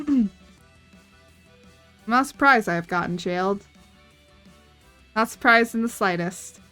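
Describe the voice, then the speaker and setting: A woman's voice: medium pitch, expressive, takes it slowly, bright, forceful tone. A woman chatting casually on her art livestream, rambling and giggling as she retells stories. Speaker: streaming artist. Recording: faint background music.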